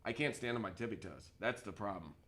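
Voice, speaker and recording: A young man co-hosting a morning talk show, telling stories with animated quoted voices in casual chat. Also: quick pace. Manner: animated storyteller, acts out quotes in loud high voices.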